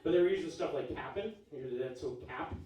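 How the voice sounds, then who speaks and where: A man's voice: a little high, moderate pace, a little mellow. A man in his forties doing a live stand-up set, punchy, wry and profane. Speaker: stand-up comedian. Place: live comedy club stage. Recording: echoey room from far off. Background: audience laughing.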